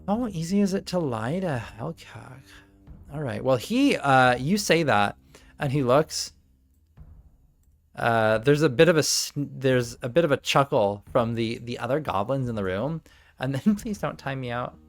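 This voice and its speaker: A man's voice: medium pitch, expressive, measured pace, soft background music. Man in a put-on Valley Girl voice. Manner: bubbly, sarcastic, swears casually. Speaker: game master and streamer. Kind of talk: running a live tabletop game.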